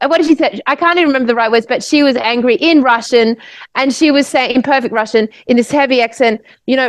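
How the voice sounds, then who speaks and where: A woman's voice: sits high, quick pace, dry recording, low-quality recording. Australian woman, podcast co-host, rambling storyteller, swears, close dry mic. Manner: animated, rambling, swears freely. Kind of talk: casual storytelling.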